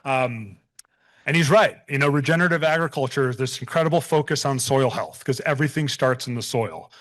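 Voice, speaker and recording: A man's voice: mid-range voice, quick pace. A man in his thirties, a bison rancher giving a public talk, earnest and prone to restarts and repeated words. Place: event hall.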